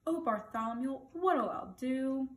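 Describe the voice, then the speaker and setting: A woman's voice: on the high side, moderate pace, a little hiss or hum, natural voice. A woman voicing a sleepy, flustered grown man who plays the trumpet in a storybook.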